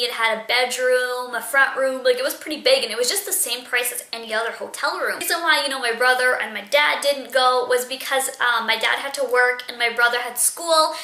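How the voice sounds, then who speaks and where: A young woman is chatting through a story for her vlog, filling it with "like" and "um". Her voice is bright and sits a little high. The sound bounces around an echoey room. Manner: chatty, lots of fillers. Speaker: vlogger. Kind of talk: casual storytelling.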